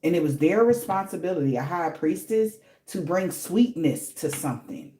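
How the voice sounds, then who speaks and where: A woman's voice: on the low side, expressive, normal speed, mellow. Woman reader, casual spiritual reading, blunt and profane, slangy, in a roomy echoing space. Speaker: tarot reader.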